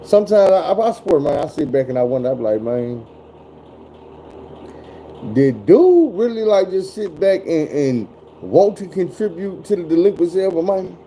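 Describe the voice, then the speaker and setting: A man's voice: high voice, sing-song, normal speed, mellow, a little hiss or hum, poor audio. A man in his forties telling stories in casual chat, blunt and full of cursing. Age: 40s. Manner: profane, blunt, drawling storyteller.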